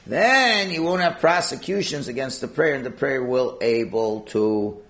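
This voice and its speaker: A man's voice: medium pitch, lively intonation, a little slow, a bit bright. A man leads a Talmud class, his voice swinging up and down as he works through the text. He fires off rhetorical questions and answers them himself, line by line. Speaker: Talmud teacher.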